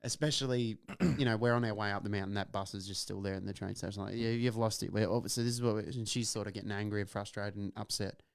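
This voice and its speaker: A man hosting a podcast, telling a story in a casual, animated way and swearing freely. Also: lowish voice, quick pace, vocal fry, few pauses, clear, resonant tone, dry recording. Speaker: podcast host.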